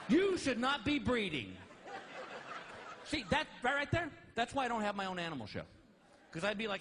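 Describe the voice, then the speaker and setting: A man doing stand-up comedy, telling animated stories with exasperated outbursts. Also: very high voice, moderate pace, pauses often, slight background noise.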